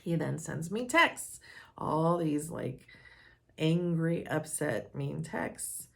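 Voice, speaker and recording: A woman counselor telling a story in a calm, earnest way. Her voice sits low and has a gravelly edge. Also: takes it slowly. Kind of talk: personal storytelling talk.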